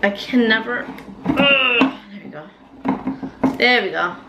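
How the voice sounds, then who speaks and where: A woman's voice: on the high side, expressive, takes it slowly, heavy background noise. A woman vlogging casually with her family, playful and teasing, slipping Spanish words into her English. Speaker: mom vlogger. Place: messy family home.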